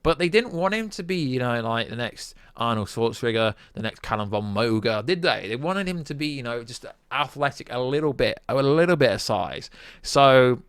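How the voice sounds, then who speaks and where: A young British man hosting a casual film news vlog, sarcastic and animated, rambling as he debunks a story. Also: medium pitch, clear, resonant tone, no echo, studio quality. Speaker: YouTube film news host.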